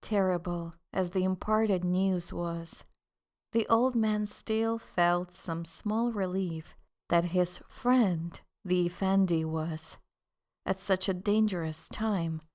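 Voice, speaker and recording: A woman reads an audiobook in a measured, deliberate manner. Her voice sits on the low side. She takes her time over every phrase. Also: a little mellow. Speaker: audiobook narrator. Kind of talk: scripted narration.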